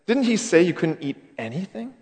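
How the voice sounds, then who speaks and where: A man's voice: high voice, big pitch swings, moderate pace, darkish tone, voice pushed up. A man voicing the devil as a scheming tempter who asks mock-innocent questions, in an echoey hall. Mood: sly.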